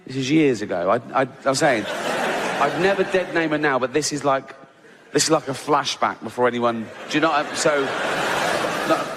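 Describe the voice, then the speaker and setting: Man, stand-up comedy storytelling, swearing, laughs at his own jokes, mid-pitched, loud noisy recording. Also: normal speed.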